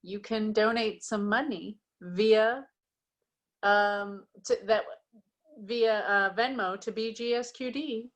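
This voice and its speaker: A woman's voice: mid-range voice, fairly even intonation, slow pace. A woman hosting a live storytelling evening and introducing the performers. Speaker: host.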